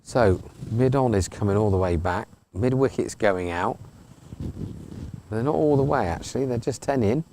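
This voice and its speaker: A man's voice: on the low side, moderate pace, background noise. A man giving casual, joking live commentary on a local cricket match from the ground. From England. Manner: chatty, joking, wry asides.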